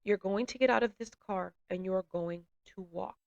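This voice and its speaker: A woman quoting a calm, soft-spoken rescuer. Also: medium pitch, normal speed, gravelly, no echo, lo-fi sound, close to an everyday voice. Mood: quiet reassurance. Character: calm, reassuring female rescuer.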